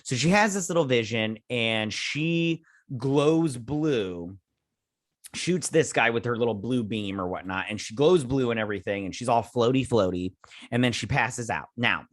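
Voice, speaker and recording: A man's voice: fairly low pitch, fairly bright tone, no echo, studio quality. A man hosting a casual episode recap and review, rambling and joking with mock-indignant asides. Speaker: show host reviewing a TV episode.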